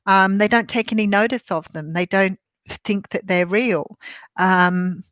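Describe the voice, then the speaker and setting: An older Australian woman chats to her live-stream viewers about her readings. She rambles along with plenty of ums and restarts. Her mid-pitched voice is recorded close and dry, with no room echo. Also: fairly even intonation, unhurried, a bit bright, clear, resonant tone. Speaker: tarot reader and medium hosting a live stream. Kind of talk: casual live-stream chat. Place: a room at home.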